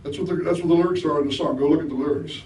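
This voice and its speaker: A man's voice: fairly high pitch, steady tone, rapid-fire, a little mellow. A middle-aged man giving a conversational spiritual talk to an audience, often asking them questions. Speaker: guest speaker. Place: hall with a live audience. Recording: echoey room, mic at a distance.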